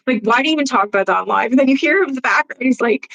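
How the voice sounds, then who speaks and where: A woman's voice: high voice, expressive, fairly quick, vocal fry, long pauses, fairly bright tone, low-quality recording. Blunt, foul-mouthed woman chatting live. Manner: blunt, profane gossip with frequent laughs; reads and answers viewer comments. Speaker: livestream host. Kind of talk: casual live-stream chat.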